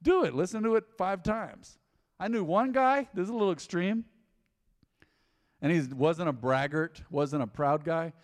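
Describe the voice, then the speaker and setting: Male pastor, slightly high voice, animated conversational sermon, long hall reverb. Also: measured pace. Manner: animated, conversational preaching with repetition. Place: church hall.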